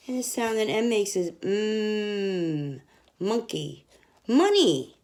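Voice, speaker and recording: A young woman teaching children, reading an alphabet picture book aloud and sounding out each letter. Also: a little high. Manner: slow, sounding out letters, lively sing-song.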